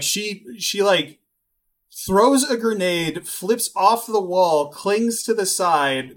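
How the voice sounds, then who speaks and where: A man's voice: a little high, fairly bright tone. A man co-hosting a podcast, recapping an anime episode in casual chat, reading bits from his notes with wry, profane asides. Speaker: podcast co-host.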